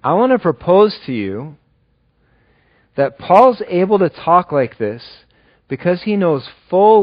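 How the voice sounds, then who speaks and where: A man preaching a sermon in an earnest, conversational way, dropping low and slow when he reads scripture. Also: dry recording, muffled recording. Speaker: pastor.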